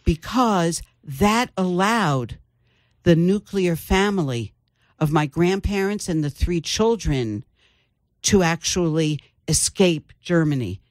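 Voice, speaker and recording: An older woman, an author, telling her family story in an interview with thoughtful pauses. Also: lowish voice, expressive, no echo, clean studio sound. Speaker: author guest. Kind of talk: interview conversation.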